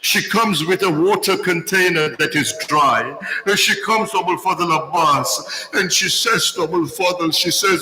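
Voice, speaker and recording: Bright-voiced man preaching a mourning sermon. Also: high-pitched, rough recording. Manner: emotive storytelling, voicing quoted speech, drawn-out phrases. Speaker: speaker at a Muharram majlis. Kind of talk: sermon recounting a mourning narrative.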